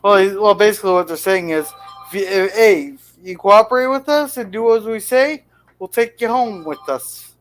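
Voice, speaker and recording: A man co-hosting a casual chat, talking in a halting way and restarting his sentences. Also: high-pitched, expressive, fairly bright tone, soft background music.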